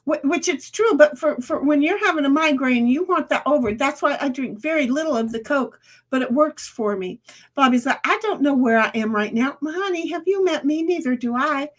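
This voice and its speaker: High-pitched lady rambling on her stream, laughs a lot, chats to chat. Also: lively intonation, normal speed. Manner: chatty, rambling, laughs often, talks back to her dog. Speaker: streamer chatting with viewers. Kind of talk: casual live-stream chat.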